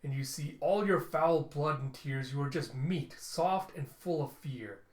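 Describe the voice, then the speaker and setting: A man voicing a menacing machine leader who rallies robots to war, slow and grandiose, in a roomy space. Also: fairly high pitch, close to an everyday voice. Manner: slow, grandiose, hateful proclamations. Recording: roomy echo.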